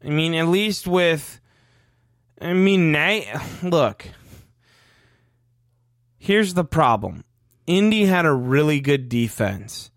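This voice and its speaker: A man's voice: on the high side, lively intonation, takes it slowly, long pauses, no room sound, studio quality. A man in his thirties ranting on a fan sports podcast, profane and heated. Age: 30s. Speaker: podcast co-host.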